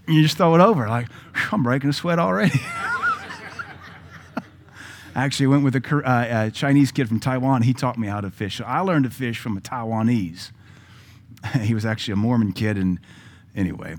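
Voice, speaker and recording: Joking conversational male pastor. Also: mid-range voice. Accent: Southern US. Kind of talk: sermon.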